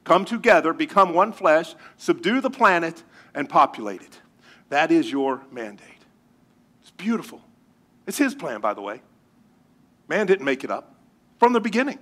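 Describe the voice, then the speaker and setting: Man, pastor, sermon, lively storytelling, high-pitched. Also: moderate pace, pauses often. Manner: animated storytelling with jokes.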